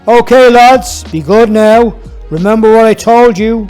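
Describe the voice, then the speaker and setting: A man voicing a kindly old male cobbler, giving gentle, fatherly advice in a storybook reading. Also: extremely high pitch, measured pace, clear, resonant tone, soft background music, voice pushed up. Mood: cheery.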